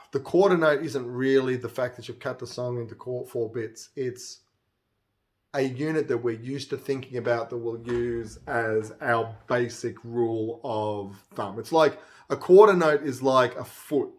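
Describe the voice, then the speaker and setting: A man casually teaching music theory, counting beats aloud and now and then singing a line. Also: mid-range voice. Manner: chatty, counts beats aloud and breaks into song. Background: acoustic guitar playing.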